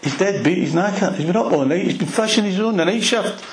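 Glaswegian man preaching, animated storytelling. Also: high voice, quick pace, echoey room, background noise. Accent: Glaswegian Scottish. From Scotland. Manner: animated storytelling with local slang. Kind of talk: expository sermon.

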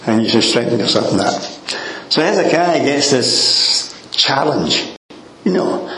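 A man preaching in an easygoing, conversational manner, with frequent soft chuckles and asides to his listeners. His voice sits at an ordinary pitch and rings in an echoey room, with faint ambient noise behind it. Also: big pitch swings, measured pace. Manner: conversational, chuckling, peppered with "you know". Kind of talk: sermon.

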